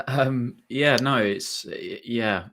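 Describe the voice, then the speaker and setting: A man co-hosting a football chat, halting and restarting as he talks. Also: mid-range voice, fairly bright tone, slight background noise. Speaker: co-host. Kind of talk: casual chat.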